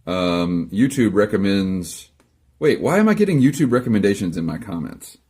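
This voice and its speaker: A man's voice: fairly low pitch, big pitch swings, normal speed, darkish tone, slightly rough. A man answering viewer comments in a casual video, dry and sarcastic, rambling along with self-deprecating asides, recorded in his garage. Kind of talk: casual chat to camera. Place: home garage.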